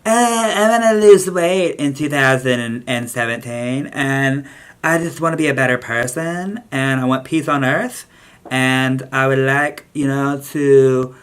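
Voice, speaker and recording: A man voicing a ditzy Valley Girl woman, slow and airy, with a slightly raised pitch. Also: fairly bright tone, smooth, lightly acted. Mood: dreamy. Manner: drawn-out, airy, dreamy delivery.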